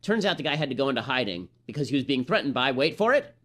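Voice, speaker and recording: A man giving a rapid, combative and sarcastic political commentary monologue, often restarting his phrases. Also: medium pitch, sing-song, fairly bright tone.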